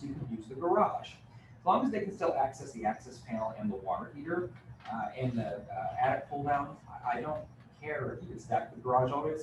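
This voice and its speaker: A man giving a live real estate training talk, conversational and joking, with many fillers. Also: medium pitch. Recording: roomy, distant mic with room noise.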